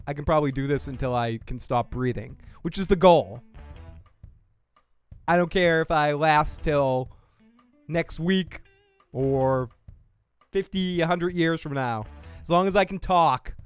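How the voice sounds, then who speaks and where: A man's voice: on the high side, moderate pace, smooth, soft background music. A man hosting a casual live-stream podcast, rambling and joking with viewers while drinking, swearing freely. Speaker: podcast host.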